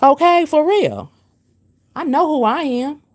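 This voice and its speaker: On a spiritual livestream, a woman host rants in reply to comments, scolding and preaching at one commenter while hammering her points through repetition. Very animated at a measured pace, her pitch swoops from low and firm up to high and emphatic.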